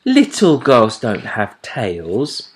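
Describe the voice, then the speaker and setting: A man's voice: mid-range voice, huge pitch swings, extremely slow, exaggerated voice. A man voicing a timid, fluffy baby barn owl boy who gets cross easily and stammers when puzzled, in a storybook reading.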